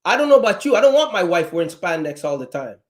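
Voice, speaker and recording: A man's voice: sits high, very animated, quick pace. A middle-aged man from Trinidad with a Trinidadian accent, talking bluntly and emphatically as a guest in casual chat.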